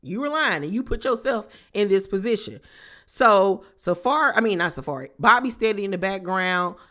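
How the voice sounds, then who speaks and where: A woman recapping a reality TV episode in a casual, animated, gossipy way, with slangy exclamations. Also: medium pitch, normal speed. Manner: animated, gossipy retelling with acted-out quotes.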